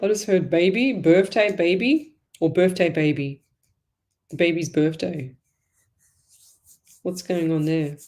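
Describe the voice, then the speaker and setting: A woman's voice: fairly low pitch, a little slow, pauses often, darkish tone. A woman hosting a live psychic reading show from home, talking in a rambling, chatty way full of fillers and asides. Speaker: psychic medium host.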